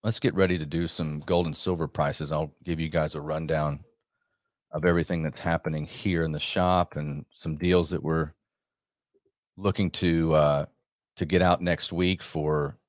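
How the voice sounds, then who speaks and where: Male radio host, very low voice, dry close sound, emphatic and rambling. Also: fairly even intonation, measured pace, long pauses, dry recording. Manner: emphatic, rambling, with frequent restarts. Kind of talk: monologue commentary.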